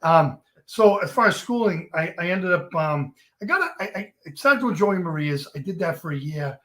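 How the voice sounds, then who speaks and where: Chatty man, fairly high voice. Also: animated, moderate pace, fairly bright tone. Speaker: podcast guest, impressionist. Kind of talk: casual podcast chat.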